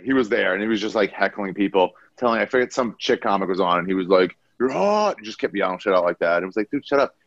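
A young man with a low voice tells profane stories in a loose podcast chat, jumping into higher voices to mimic the people he quotes. The recording is dry and close, with a dull, lo-fi tone. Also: a bit bright, no room sound. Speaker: comedian guest.

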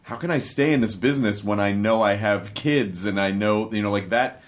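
A man's voice: lowish voice, normal speed. A man hosting an interview, reacting with brief, sympathetic interjections. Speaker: podcast host.

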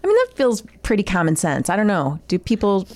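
A woman's voice: medium pitch, fairly quick. A woman co-hosting a casual comedy chat, reading lines from a guide aloud and riffing on them with giggles. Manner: animated, giggly, reads lines then riffs on them. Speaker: podcast co-host.

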